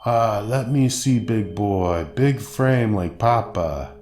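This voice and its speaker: A man's voice: lowish voice, takes it slowly, a little mellow, pitched above the performer's own voice. A man voicing a pushy middle-aged Russian woman with a heavy Russian accent and broken, clipped English, in a storytelling recording. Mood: insistent. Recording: echoey room with faint hiss.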